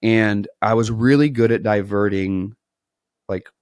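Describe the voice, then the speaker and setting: A man in his thirties from Wisconsin, a business owner talking as a podcast guest, telling animated stories and acting out the dialogue. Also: lowish voice, unhurried, clear, resonant tone, no echo, clean studio sound. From Wisconsin, USA. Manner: animated storyteller, acts out quoted dialogue. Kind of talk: casual interview storytelling.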